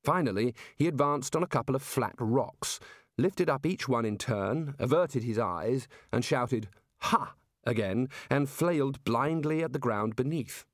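A man narrating a comic fantasy audiobook with a dry, measured comic delivery. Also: mid-range voice, no room sound. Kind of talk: scripted narration.

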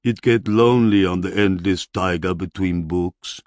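A man voicing a huge, simple-minded barbarian hero who speaks slowly in blunt, short sentences, in an audiobook reading. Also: low-pitched, a little mellow, no room sound, close to an everyday voice.

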